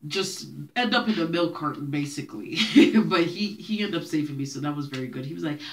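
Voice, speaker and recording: A woman's voice: low voice, animated, fast, few pauses, a little hiss or hum. A young woman who grew up speaking Haitian Creole, telling childhood stories to her viewers in a chatty way and laughing often. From Haitian family, raised in Brooklyn. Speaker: vlogger. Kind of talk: casual storytelling to camera.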